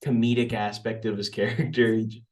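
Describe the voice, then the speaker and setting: A man's voice: on the low side, flat delivery, a little fast, far from the mic. A young man co-hosting a podcast, debating a movie in a rambling, blunt, profane way with lots of restarts. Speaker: podcast co-host.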